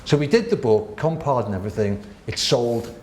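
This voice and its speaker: A man, a guest telling lively, laughing stories with the odd swear word in a casual interview. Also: medium pitch, a little fast, slight background noise. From Wirral, England. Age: 60s. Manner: animated, laughing, swearing raconteur. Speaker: guest artist. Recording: roomy echo.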